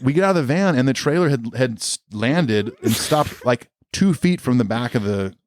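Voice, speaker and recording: A man's voice: mid-range voice, lively intonation, moderate pace, dry recording, studio quality. A middle-aged man, a musician guest on a podcast, telling a long casual story in a rambling, laid-back way full of fillers.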